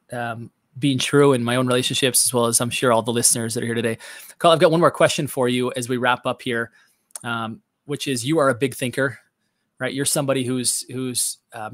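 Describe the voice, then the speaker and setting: A man of middle pitch hosting a podcast interview. He reflects on what his guest says and thinks aloud with small fillers. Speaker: podcast host. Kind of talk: conversational interview.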